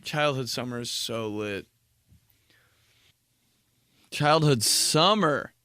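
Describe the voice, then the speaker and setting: A man's voice: mid-range voice, takes it slowly, sharp tone. A man in his twenties hosting a podcast, talking in a rambling, slangy, casual monologue full of swearing. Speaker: podcast host.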